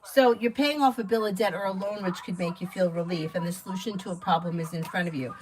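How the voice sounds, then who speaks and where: A woman gives live tarot readings in a chatty, easygoing way and laughs often. She rattles off card meanings in quick bursts. Steady background noise runs under her voice. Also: lowish voice, rough recording. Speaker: tarot reader.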